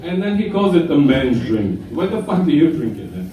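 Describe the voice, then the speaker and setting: A man with a tongue delivers crude, deadpan insult jokes at a slow, deliberate pace. His voice sits fairly high. The room is very echoey, the mic is some distance off, and a crowd laughs throughout. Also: lo-fi sound. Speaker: roast comedian. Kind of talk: stand-up roast set. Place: bar stage with a laughing crowd.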